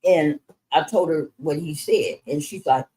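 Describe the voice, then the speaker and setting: Candid and conversational, a middle-aged woman walks her son through her life story, often starting over mid-thought. Her voice sits low and warm at a measured pace. It's a low-quality recording.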